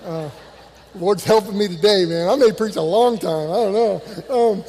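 A male pastor preaching a sermon, animated and conversational, swinging from loud bursts to hushed lines and acting out quotes in a church. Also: high-pitched, moderate pace, husky, in a large hall. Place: church sanctuary.

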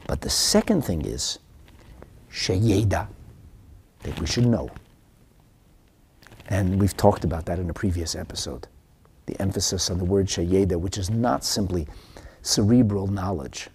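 A man teaching a husky voice that swings widely in pitch, rising high when stressing a point and sinking to a hushed whisper. He mixes in in style, sounding like a spirited study-hall lecture. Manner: animated, drops to whispers for emphasis. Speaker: Torah teacher. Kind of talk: lecture on a religious text.

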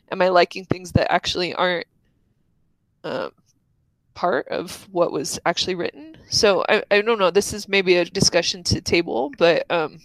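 A woman on a podcast, talking as a player in the game, thinking out loud in a casual discussion and laughing easily. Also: on the low side, a little slow, no echo, poor audio.

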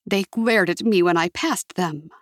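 A woman's voice: on the low side, measured pace, no room sound, studio quality, natural voice. A woman voicing a tense woman activist.

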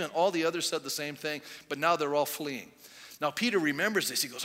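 A man's voice: fairly high pitch, animated, fast talker, sharp tone. A man preaching a sermon as pastor, telling the story animatedly and acting out the quoted voices. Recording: long hall reverb.

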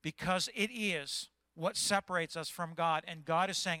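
Impassioned bright-voiced pastor in his fifties. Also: a little high, a little slow, hardly any pauses, clean tone, no room sound. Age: 50s. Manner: impassioned, agitated preaching. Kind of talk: sermon.

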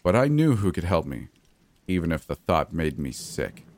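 A man's voice: deep voice, very animated, normal speed, a little mellow. A man narrating a first-person horror story in a gritty, blunt way, with frequent mild cursing.

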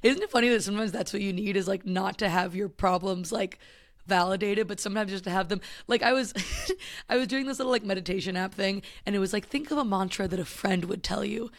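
A man's voice: sits high, quick pace. A man co-hosting a casual comedy podcast, talking in loose rambling sentences full of "like". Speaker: podcast co-host.

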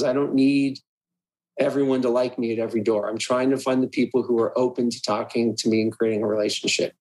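A man's voice: medium pitch, rough recording. A man, a realtor guest in an interview, animatedly acting out what he says at the door and laughing often. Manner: animated, acts out his door-knocking lines, laughs often. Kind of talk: casual interview storytelling.

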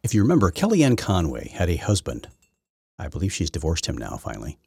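A man's voice: low-pitched, wildly swooping pitch, a little fast, vocal fry, darkish tone, breathy edge, dry recording, studio quality. A man hosting his own political talk show, delivering an opinionated, rambling monologue full of restarts. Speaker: podcast host.

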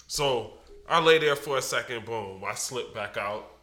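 Male co-host, bright forceful tone, profane storyteller. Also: medium pitch, unhurried, echoey room, a little hiss or hum. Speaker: podcast co-host. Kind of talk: casual storytelling.

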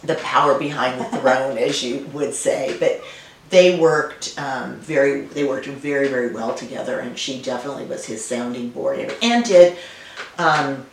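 A woman's voice: extremely low pitch, moderate pace. A middle-aged woman winemaker, a guest telling family stories in a casual interview, with many fillers and restarts. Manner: warm storytelling with frequent fillers and restarts. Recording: roomy and distant, faint noise.

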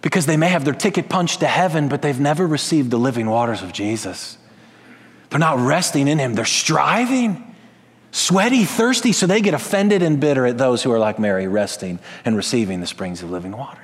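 A man preaching a sermon, swinging between raised, emphatic lines and low, quiet asides. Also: expressive, a little fast, long reverb tail. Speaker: pastor.

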